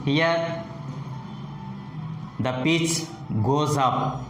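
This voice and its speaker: Very slow man teaching intonation. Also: medium pitch, expressive, music in the background. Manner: repeats example sentences slowly with exaggerated intonation. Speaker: English teacher. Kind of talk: slow phonetics lesson with spoken examples. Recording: echoey room with faint ambient noise.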